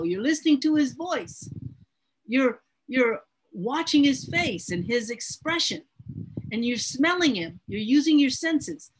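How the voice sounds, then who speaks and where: A woman's voice: high voice, slight background noise, poor audio. A woman teaching a Bible study class in an earnest, emphatic way, often repeating her words.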